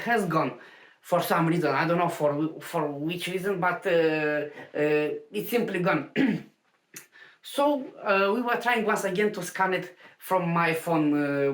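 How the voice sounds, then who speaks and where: This is a slow, halting woman with a voice on the low side, a stand-up comedian recounting an anecdote in a casual way. Fillers and restarts break up her speech, captured in a roomy home recording.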